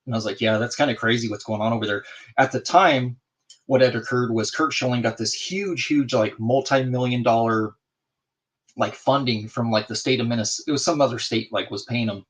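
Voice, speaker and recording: A man's voice: medium pitch, fairly quick. A man in a casual video call, telling a story and acting out both sides of the conversation. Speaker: guest in a group video chat.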